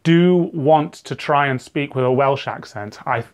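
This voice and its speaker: A man's voice: mid-range voice, measured pace. An English man co-hosting an English-learning podcast, chatty and upbeat, laughing easily. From England. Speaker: podcast co-host, English teacher. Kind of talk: casual educational podcast chat.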